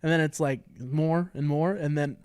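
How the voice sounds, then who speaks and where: A young man co-hosting a podcast, riffing with quick, crude jokes in casual banter. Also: a little high, steady tone, a little mellow, clear, resonant tone, no echo. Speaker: podcast co-host.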